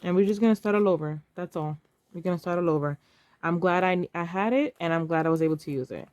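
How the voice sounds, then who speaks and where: A woman's voice: on the low side, fast talker, darkish tone, no room sound. Chatty woman vlogger, emotional. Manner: chatty, emotional, counting cash aloud. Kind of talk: casual talk to camera.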